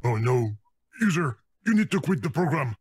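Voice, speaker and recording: An actor voicing a fussy, flustered video game that talks, in an exasperated manner. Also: male voice, on the high side, sing-song, normal speed, slight background noise. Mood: fretful. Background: game music.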